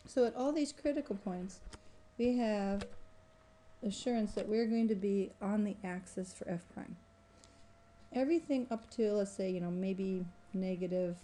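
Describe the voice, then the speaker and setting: A woman's voice: mid-range voice, warm tone, a little hiss or hum. A woman math professor giving a recorded exam review, thinking aloud and pointing at a graph as she works through the problem.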